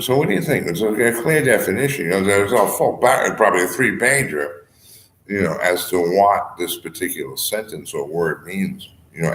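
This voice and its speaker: A man's voice: low-pitched, a bit bright. A man talking in a rambling monologue, drifting between topics, filling his speech with "you know" and "I mean" and chuckling often. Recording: echoey room with faint ambient noise.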